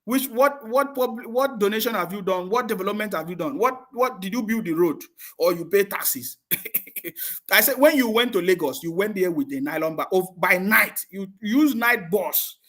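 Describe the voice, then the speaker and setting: Scornful high-voiced man ranting. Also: animated, moderate pace, fairly bright tone. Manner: mocking, scornful, laughs often. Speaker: live stream host reading viewer comments. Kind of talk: heated live stream rant.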